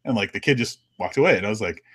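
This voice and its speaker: A man's voice: on the low side, animated, racing, fairly bright tone, husky. An American man co-hosting a casual podcast, telling a travel story with many fillers and restarts. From United States. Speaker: podcast co-host.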